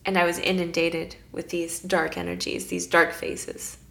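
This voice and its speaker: A woman's voice: on the low side, flat delivery, a little slow, gravelly, fairly bright tone. A woman guest who leads spiritual circles, telling stories in an emotional, earnest way in a casual podcast talk.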